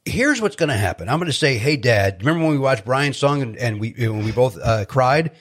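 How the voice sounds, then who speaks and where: Animated man telling stories. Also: mid-range voice. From South Side of Chicago. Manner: animated storyteller, quick jokey asides. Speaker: podcast guest, comedian. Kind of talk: casual chat.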